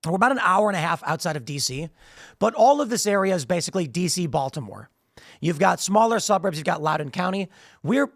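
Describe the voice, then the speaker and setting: A male political commentator with a strained, hoarse voice that sits high and gravelly. He speaks emphatically and often repeats words as he restarts sentences. The sound is close and dry, with no room around it. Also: dry recording. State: losing his voice, strained throat. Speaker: show host.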